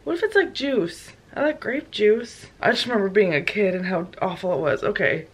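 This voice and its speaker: A young woman with a croaky, congested sick voice, chatting casually and self-mockingly in a vlog. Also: medium pitch, animated, normal speed, low-quality recording. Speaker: vlogger. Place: car and home.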